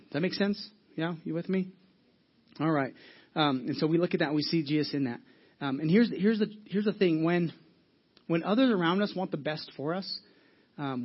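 A man's voice: on the high side, husky, lo-fi sound. A man preaching a sermon to his church in a conversational way, often checking in with the room. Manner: conversational, asks the audience questions, many restarts. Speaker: pastor. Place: church hall with audience.

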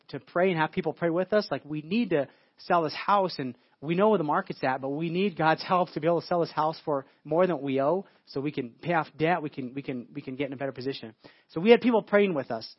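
Fast-talking male pastor telling stories. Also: fairly high pitch, dry recording. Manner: storytelling, repeats words and restarts often. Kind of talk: sermon. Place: church. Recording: dull lo-fi sound.

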